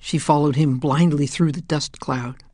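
A woman narrating a children's audiobook in a calm, measured way. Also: deep voice, no room sound, studio quality.

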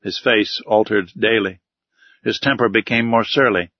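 Brief: male audiobook narrator, measured and formal, lowish pitch, dry close recording. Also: steady tone, no echo. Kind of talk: first-person audiobook narration. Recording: slightly dull, dry recording.

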